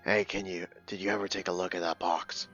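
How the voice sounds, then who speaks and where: A man's voice: low-pitched, flat delivery, fairly quick, a bit bright, dry recording, faint music behind. A man playing a tabletop game, asking questions in a hesitant, casual way. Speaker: player. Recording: dull lo-fi mic.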